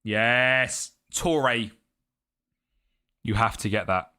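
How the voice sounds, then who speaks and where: A man streaming a football management game, commentating live and chatting with his viewers. He gets excitable and yells at the match. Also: on the low side, drawn-out words, clear, resonant tone.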